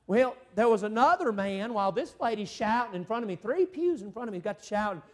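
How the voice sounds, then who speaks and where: High-voiced preaching man, loud to hushed. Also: expressive, brisk. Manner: swings from loud shouting to hushed, emotional storytelling. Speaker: evangelist. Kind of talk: revival sermon testimony. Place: church sanctuary.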